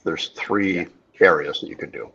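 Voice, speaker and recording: A man chatting as a guest on a live stream, relaxed and a little hesitant, filling pauses with "uh" and "you know". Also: low voice, slightly rough. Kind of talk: casual live-stream chat. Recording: dull lo-fi stream audio.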